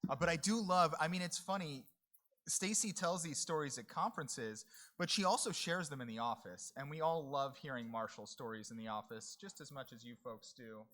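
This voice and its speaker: A man's voice: fairly high pitch, normal speed, fairly bright tone. Easygoing man opening a conference talk. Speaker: conference presenter. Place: conference room.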